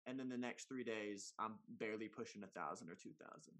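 A man who makes comedy videos, talking in a casual, slangy, animated way on a podcast, with big swings in pitch and loudness. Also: brisk. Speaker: comedy content creator guest.

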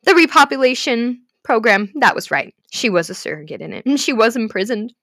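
A young woman gushing about a book to her viewers, swearing freely and swinging between gasps, whispers and shouts. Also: a little high, lively intonation, brisk, dry recording, clean studio sound. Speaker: fanfiction vlogger. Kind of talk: emotional casual rant about a book.

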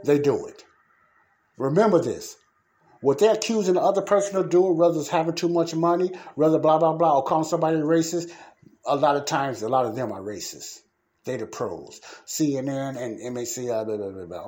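With a mellow, mid-range voice, a male podcast host preaches emphatically in relaxed, slangy language, repeating himself to drive points home.

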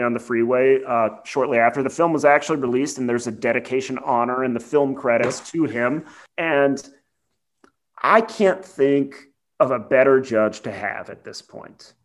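A man co-hosting a podcast, casually reviewing a film in a rambling, enthusiastic way. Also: mid-range voice. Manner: rambling, animated when quoting lines. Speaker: podcast co-host.

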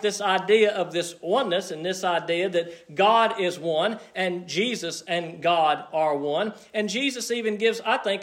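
A man with a noticeably high voice delivers a church sermon. He talks earnestly and with emphasis, leaning into the scripture he reads and slowing for the key phrases. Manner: earnest, emphatic, with slowed quotations and restarts. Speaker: preacher.

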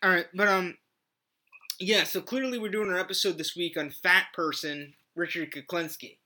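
A man hosting a comedy podcast with a bright, crisp tone at a middle pitch. He rambles loosely and fills gaps with "uh" and "um." He keeps things casual and offhand. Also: fairly even intonation, moderate pace. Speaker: podcast host.

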